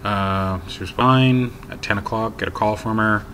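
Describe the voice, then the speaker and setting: Male vlogger, very low voice, exasperated rambling storyteller, light hiss in the recording. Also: fairly even intonation, moderate pace. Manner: rambling, exasperated, lots of ums and so anyways; gets loud and high when quoting his own yelling. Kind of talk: casual storytelling to camera.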